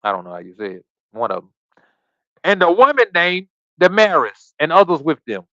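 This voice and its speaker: This male scripture study podcast host has a fairly high, sing-song voice, a bit bright, at a moderate pace. The streaming-setup audio is dull with no echo. Hosting a livestreamed Bible study, he reads scripture aloud, riffs on it casually and preachily, quizzes his listeners, and drops slangy asides between readings.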